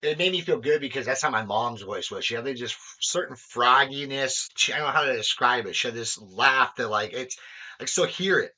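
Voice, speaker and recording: With a sharp tone and a slightly fast pace, a young man chats openly on his podcast, rambling, swearing, and using lots of fillers. His voice is mid-range, and the recording has a dull, lo-fi quality.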